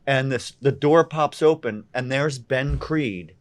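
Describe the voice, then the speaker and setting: A man, a comedian, telling stories in a casual podcast chat, animated and tripping over his words. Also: medium pitch, slow.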